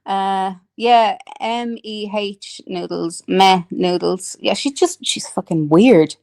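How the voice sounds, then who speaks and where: A woman's voice: medium pitch, takes it slowly, vocal fry, darkish tone. An Irish woman chatting casually with viewers on a live stream, swearing freely, laughing a lot and reading out comments.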